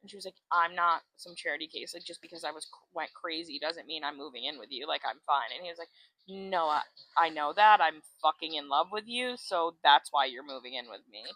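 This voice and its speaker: A bright-voiced woman chats casually on a podcast, retelling a story and slipping into the characters' lines. The recording is dry and close. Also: low-pitched, fairly quick, dry recording, poor audio. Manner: animated storyteller, acts out quotes, swears freely. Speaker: podcast co-host. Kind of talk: casual chat retelling a book plot.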